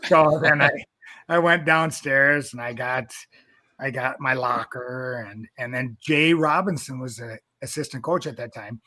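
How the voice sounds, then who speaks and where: Man in his fifties, from North Dakota, rambling storyteller, bright voice. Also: medium pitch, measured pace, no room sound. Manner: rambling, with many restarts and fillers. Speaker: wrestling coach, interview guest. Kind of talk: casual storytelling interview.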